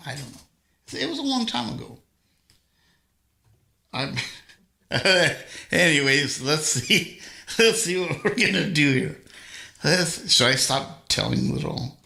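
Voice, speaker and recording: Slow-talking man in a roomy space. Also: fairly high pitch, gravelly, sharp tone. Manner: rambling, tells corny jokes. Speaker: livestream host and guitarist. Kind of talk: casual chat between songs. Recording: roomy echo with faint guitar.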